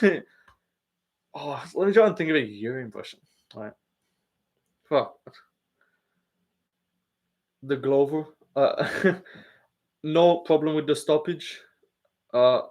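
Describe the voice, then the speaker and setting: A man's voice: mid-range voice, a bit bright. A young Australian man hosting a live stream, chatting casually and rambling with lots of fillers, swearing and laughs. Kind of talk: casual chat reading live comments.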